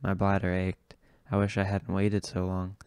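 A man reading an audiobook chapter aloud in a steady, unhurried way. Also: low voice, clear, resonant tone, no room sound. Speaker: audiobook reader. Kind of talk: audiobook narration.

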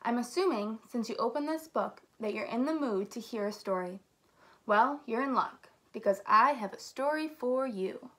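A woman's voice: fairly high pitch, normal speed, bright, forceful tone. A woman voicing a cheerful storybook guide who talks straight to the listener. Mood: chatty. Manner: friendly, talking straight to the listener.

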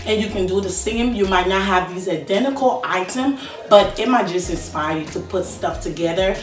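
A woman vlogger giving an energetic channel intro, talking straight to her viewers. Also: medium pitch, normal speed, distant mic. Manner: energetic, addresses viewers directly. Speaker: lifestyle vlogger. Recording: roomy echo, from away from the mic, faint music.

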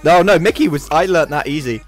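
A man's voice: fairly high pitch, animated, fairly quick, faint music behind. A man hosting a casual, joking video chat, often teasing and slipping into voices. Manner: joking, playful, jumps into impressions. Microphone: webcam video call.

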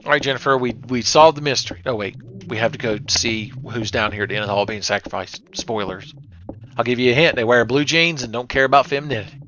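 A man's voice: medium pitch, fast talker, a bit bright. A man giving sarcastic, crude, joking commentary while playing a retro horror game. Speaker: let's play host. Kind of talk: comedic let's play commentary. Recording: slightly dull lo-fi mic with faint hiss.

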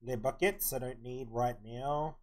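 Casual live-stream commentary comes from a young man playing a game and mumbling his plans as he goes. He speaks at a measured pace in a mid-range voice with fairly even intonation.

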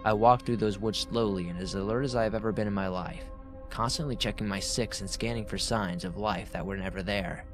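A man narrating horror stories in a steady reading voice that drops to a hushed tone in tense parts. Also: fairly low pitch, a little fast. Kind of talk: scripted horror story narration. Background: faint background music.

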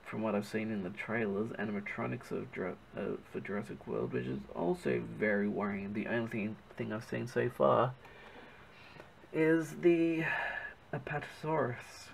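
Gravelly Australian man rambling while drawing. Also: lowish voice, steady tone, normal speed, slight background noise, rough recording. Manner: chatty, self-correcting, searches for words. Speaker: artist narrating his drawing.

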